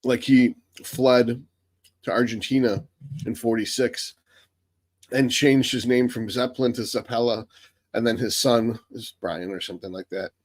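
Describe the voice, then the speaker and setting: Reading out viewer questions on his live stream, this American host answers them bluntly and with plenty of swearing. His mid-range voice is steady and unhurried, with no echo in the recording.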